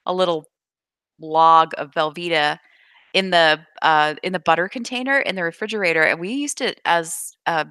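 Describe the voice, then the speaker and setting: A woman chats as a livestream guest, easygoing and unhurried. Her voice sits low but sounds bright, and the recording is dry and close. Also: smooth, no echo. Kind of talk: casual chat.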